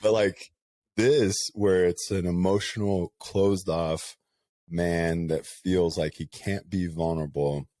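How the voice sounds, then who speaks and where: A man's voice: deep voice, takes it slowly, no room sound, studio quality. A man in his thirties co-hosting a casual podcast chat, speaking candidly and telling stories with many asides. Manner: candid, animated storyteller, rambling with many asides. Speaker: podcast co-host.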